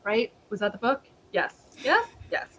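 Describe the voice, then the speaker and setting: A woman's voice: fairly high pitch, big pitch swings, unhurried, sharp tone, slight background noise, low-quality recording. A young woman from Georgia in the United States, hosting a casual live-stream chat and rambling with many restarts. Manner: rambling, self-correcting, lots of fillers. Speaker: host.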